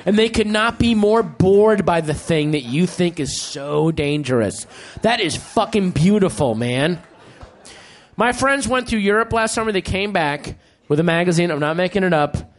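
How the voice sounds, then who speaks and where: A man's voice: high voice, expressive, normal speed. A man doing stand-up comedy, profane and emphatic, drawing out his punchlines. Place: comedy club stage with audience laughing.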